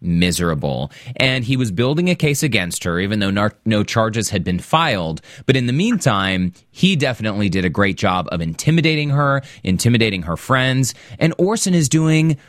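A man with a fairly low voice talks through the latest episodes of a TV drama with his co-host, lively and quick to laugh. The sound is dry and close, with no room around it. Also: no echo. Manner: animated, laughs easily, acts out quoted lines. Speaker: podcast co-host. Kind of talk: casual TV recap chat.

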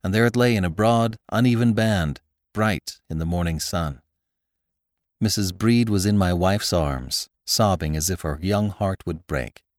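A man narrating a classic story as an audiobook host, with expressive storytelling. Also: sits low, measured pace, dry recording, studio quality.

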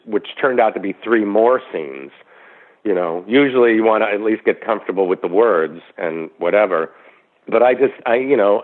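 Brief: low-pitched male actor, lively anecdote teller, tinny phone-line sound. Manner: animated storyteller who acts out quoted voices. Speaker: actor guest. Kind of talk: storytelling interview anecdote.

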